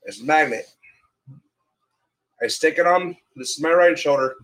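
High-voiced man, swearing emphatically. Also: normal speed, rough recording. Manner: emphatic, swears loudly when excited. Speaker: show co-host. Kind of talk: casual chat on a live call. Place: at home on a video call.

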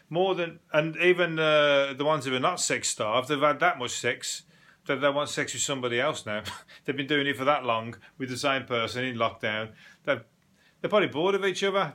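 A man hosting a podcast, rambling bluntly with plenty of swearing and quick laughs. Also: medium pitch, pushed and bright. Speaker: podcast host. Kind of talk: casual comedic monologue.

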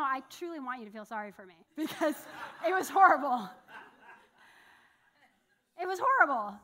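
Bright high-voiced woman preaching. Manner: animated storytelling, acting out a locked jaw. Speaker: pastor. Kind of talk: sermon. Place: church sanctuary.

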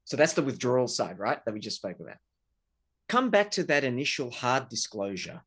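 A man's voice: mid-range voice, big pitch swings, normal speed, fairly bright tone, husky. A middle-aged man, a relationship researcher, explaining couple conflict earnestly with examples. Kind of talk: explanatory interview talk.

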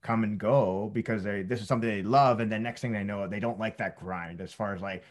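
A man's voice: lowish voice, brisk. A man hosting a podcast, asking questions in a rambling way full of "like". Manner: rambling, leans heavily on "like". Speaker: podcast host. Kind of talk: casual podcast interview.

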